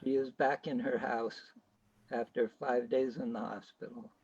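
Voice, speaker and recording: A middle-aged man speaking on a video call, talking fast and matter-of-fact about personal news. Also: medium pitch, fairly even intonation, darkish tone, slightly rough, dry recording. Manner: rapid, matter-of-fact speech. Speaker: performer sharing a song. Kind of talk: casual chat on a video call. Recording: muffled, dry video call audio.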